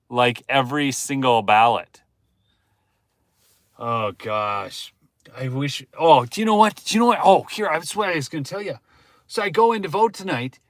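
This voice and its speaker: A man hosting a rambling political livestream. He talks straight to his viewers and asks the chat questions, swinging from low muttering to loud exclamations. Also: normal speed, dry recording, clean studio sound. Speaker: livestream host.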